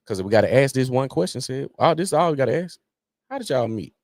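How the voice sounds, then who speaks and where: A man in casual podcast chat, animated and emphatic, repeating his points for effect. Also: mid-range voice, fast, dry recording. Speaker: podcast co-host.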